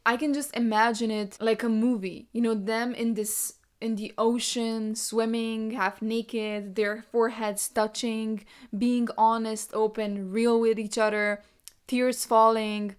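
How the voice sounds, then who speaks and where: A woman's voice: on the high side, level tone, measured pace, clean tone. A woman hosting a book podcast, chatting emotionally and gushing about a novel. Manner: gushing and emotional, reading quotes aloud. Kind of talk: casual book review chat.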